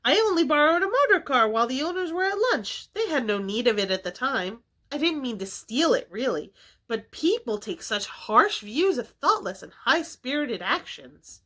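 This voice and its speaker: A woman voicing a boastful, panicky male toad gentleman who pleads and pities himself in a storybook reading. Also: high voice, very animated, moderate pace, heavily acted. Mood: excuse-making. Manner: pleading, self-pitying.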